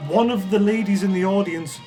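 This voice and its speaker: A man with a slightly high voice recaps a bad movie as a podcast host, sarcastic and swearing freely. He speaks casually, with music playing clearly behind him. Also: steady tone, brisk, dark tone. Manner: sarcastic, swears freely, laughs while retelling scenes.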